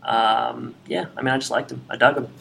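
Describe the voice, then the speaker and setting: Bright-voiced male podcast co-host. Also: mid-range voice, fairly quick, gravelly. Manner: relaxed, joking, trails off with fillers. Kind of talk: casual chat.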